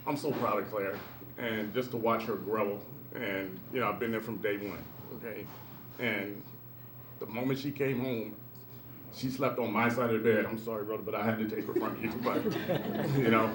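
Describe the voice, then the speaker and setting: A tearful man speaking as a proud father and coach, halting and heartfelt, at a school ceremony. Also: on the low side, steady tone. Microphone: handheld microphone. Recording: echoey noisy room.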